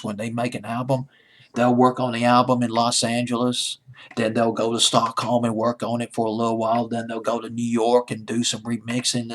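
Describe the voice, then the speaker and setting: A man hosting a home-made countdown show, talking casually and enthusiastically with asides and restarts. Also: mid-range voice. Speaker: countdown host. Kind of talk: casual radio-style countdown talk.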